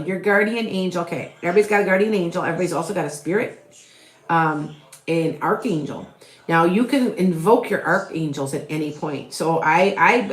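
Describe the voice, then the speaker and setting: Chatty middle-aged woman in echoey room. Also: lowish voice. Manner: rambling, chatty, many fillers and restarts. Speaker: tarot reader and psychic medium. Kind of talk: live tarot reading with viewer questions.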